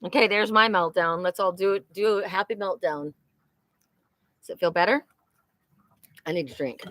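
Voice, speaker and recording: A woman's voice: lowish voice, moderate pace, a bit bright, no echo. A middle-aged woman hosting a psychic live stream, talking candidly and emotionally, often repeating herself and swearing.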